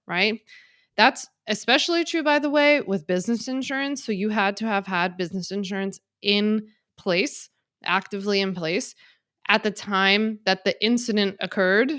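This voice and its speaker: A woman's voice: medium pitch, normal speed, a bit bright, no echo, studio quality. A woman from Philadelphia hosting her own podcast, talking frankly and casually with lots of "like" fillers from her office. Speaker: podcast host. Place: home office. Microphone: on video in office.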